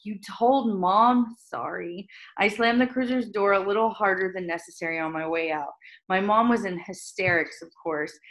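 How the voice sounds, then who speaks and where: A woman reads a first-person novel aloud to a class in a slightly low, steady voice. She keeps an even narrating pace and now and then stumbles and corrects a word. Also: rough recording. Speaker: reader.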